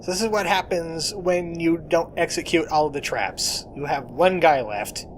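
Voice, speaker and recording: A man's voice: a little high, moderate pace, a little hiss or hum. A man giving playful, joking commentary as he plays through a game, now and then voicing lines in character. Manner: joking, hums along and voices game lines. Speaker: let's play host. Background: faint game music.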